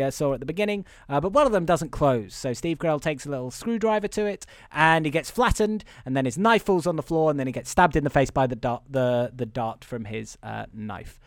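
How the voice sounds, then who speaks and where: A man's voice: on the high side, no echo, clean studio sound. A man co-hosting a podcast over a video call from his room at home, recapping a movie in a rambling, casual way with lots of fillers. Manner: rambling, filler-heavy, acts out quotes. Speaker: podcast co-host.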